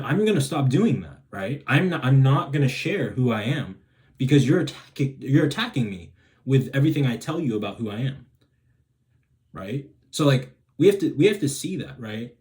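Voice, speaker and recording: A man's voice: mid-range voice, a little mellow. A man hosting a self-help video who talks in a rambling, casual way, restarting sentences and checking in with "right?". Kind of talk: casual advice monologue.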